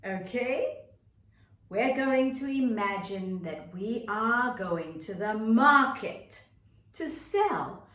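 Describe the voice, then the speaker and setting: A woman drama teacher leading a nursery class online, giving slow, drawn-out instructions and stretching each word in a cheerful, encouraging way for small children. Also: mid-range voice, animated, far from the mic. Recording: echoey room, voice away from mic.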